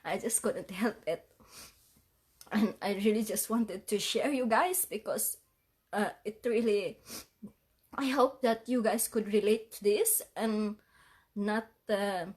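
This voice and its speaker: A tearful woman talks straight to her viewers, her voice unsteady from crying. She speaks in halting phrases, apologizing again and again and half-laughing through the tears. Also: medium pitch, darkish tone, husky. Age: adult parent. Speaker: vlogger. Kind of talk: emotional livestream vlog.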